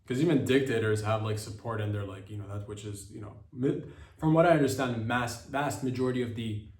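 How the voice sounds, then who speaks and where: A man's voice: mid-range voice, fairly quick, distant mic. Rambling man, roomy and off-mic. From Canada. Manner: rambling, animated, jumps into excited voices. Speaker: podcast host. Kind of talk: comedic monologue.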